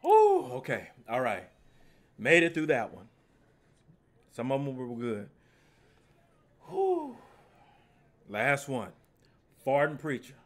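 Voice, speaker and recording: A man's voice: mid-range voice, animated, a little slow, long pauses, a bit bright. A man hosting his own channel, giving laid-back casual reaction commentary and talking to his viewers. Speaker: channel host.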